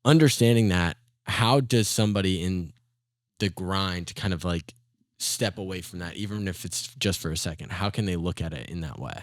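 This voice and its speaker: A male podcast host with a low voice frames his questions by thinking them through out loud. He comes across as curious and casual, and the sound is close and dry. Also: normal speed, no room sound. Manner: curious, thinks aloud while framing questions.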